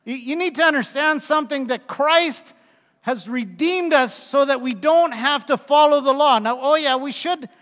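With the long reverb of a large hall around him, a man in his sixties preaches a conversational sermon of folksy stories and asides to the congregation. His voice is very high-pitched and fairly bright.

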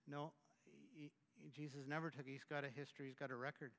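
A man with a high, bright voice delivers a sermon as the pastor. He speaks in a conversational way with frequent restarts, rising loud and then dropping to a hush. His voice carries through a hall with a long reverb. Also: little pitch movement. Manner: conversational, halting restarts, swings from loud to hushed.

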